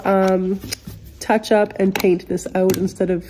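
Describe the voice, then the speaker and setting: A furniture restorer with a cold and a nasal voice walks viewers step by step through a repair while working in her workshop, chatty and casual in this how-to demonstration. Her voice is mid-range, measured and mellow with little pitch movement, and faint music plays behind her.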